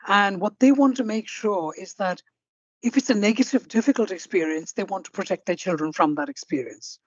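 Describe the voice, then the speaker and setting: A woman hosting an interview podcast who speaks in a measured, deliberate way and sums up her guest's points. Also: medium pitch, dry recording, dull audio. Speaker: podcast host.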